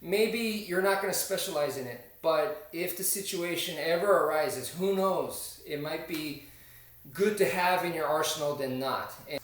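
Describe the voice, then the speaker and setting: Male martial arts instructor, slightly high voice, patient drill-by-drill teaching, heard from a distance in a very reverberant room. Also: measured pace, fairly bright tone. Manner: explains step by step, counts out strikes, frequent "okay?". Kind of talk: instructional demonstration. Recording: echoey room, distant camera.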